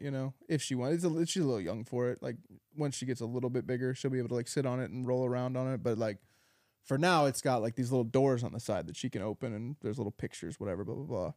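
A young man co-hosting a podcast in casual chat, easygoing and quick to agree. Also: medium pitch, a little mellow, no echo, studio quality. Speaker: podcast co-host.

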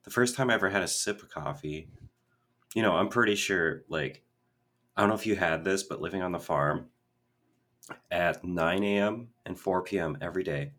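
A young man with a low, husky voice chats loosely as a podcast co-host. He wanders off on tangents and fills gaps with "like" and "you know." He is from Minnesota. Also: normal speed, a bit bright. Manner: rambling, full of tangents and fillers. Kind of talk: casual chat.

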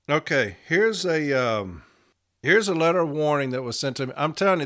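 A man's voice: on the high side, lively intonation, moderate pace, a bit bright. A man hosting a casual, profane monologue as a union steward, blunt and combative. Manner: blunt, combative, swears freely. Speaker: union steward podcast host.

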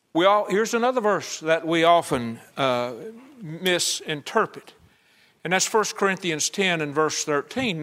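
A man's voice: on the high side, a bit bright. A man preaching a conversational sermon at a church service, acting out the voices he quotes.

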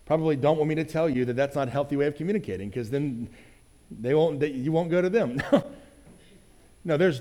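A man's voice: mid-range voice, darkish tone. Man preaching in a long-echo hall. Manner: conversational, often asking "right?"; acts out quoted lines in other voices. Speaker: pastor. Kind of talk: sermon.

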